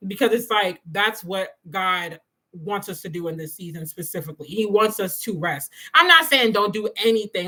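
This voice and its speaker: A woman hosts a casual morning faith talk on a livestream. Her voice is bright and forward, and she chats in a loose, animated way. She often addresses her viewers directly and answers their comments. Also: medium pitch, poor audio. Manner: chatty and animated, says "y'all" and "you know". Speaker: host of a morning devotional livestream.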